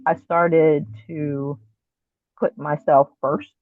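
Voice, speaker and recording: A woman guest telling her story candidly and earnestly, acting out her own past words with animated asides, heard over a phone or call line. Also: low-pitched, extremely slow, no room sound. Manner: earnest, reflective, quotes herself with animated asides. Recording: tinny dry phone line.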